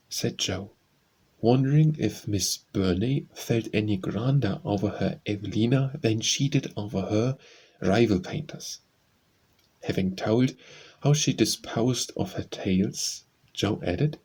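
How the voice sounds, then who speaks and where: Slow, husky-voiced male narrator. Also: fairly low pitch, a little mellow, rough recording. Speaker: audiobook narrator. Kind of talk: scripted narration of a classic novel.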